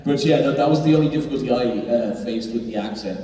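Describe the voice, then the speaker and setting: Man, brisk stage story, distant and echoey. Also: medium pitch, warm tone. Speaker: actor on a fan convention panel. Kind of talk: casual anecdote on stage. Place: large convention hall. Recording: echoey hall, heard from far off.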